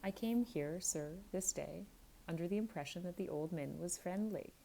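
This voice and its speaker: A woman's voice: lowish voice, normal speed, vocal fry, dark tone, a little hiss or hum, poor audio. A woman voicing a flowery, pompous young man making a long-winded speech, in a bedtime storybook reading.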